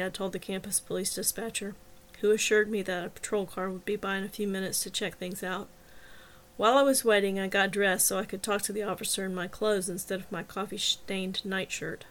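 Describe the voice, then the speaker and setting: Woman reading her own book out loud, steady storytelling, middle pitch. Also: a little fast. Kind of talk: first-person audiobook narration.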